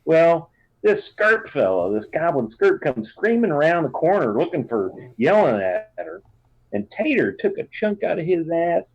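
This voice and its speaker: A man's voice: fairly high pitch, very animated, moderate pace, voice pushed up. Man doing a Southern farm mom, doting. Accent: American Southern. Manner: warm, rambling, folksy drawl. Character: folksy Southern farm mother, fierce and doting. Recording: dull lo-fi sound.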